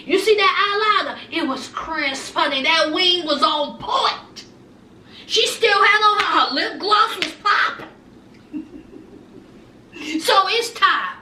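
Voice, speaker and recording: Recapping a reality show, a sassy young woman keeps addressing listeners as honey and child in her high, bright voice. Her delivery is slow and lively, with frequent pauses. There's a roomy echo, a slightly distant mic, and a little hiss or hum.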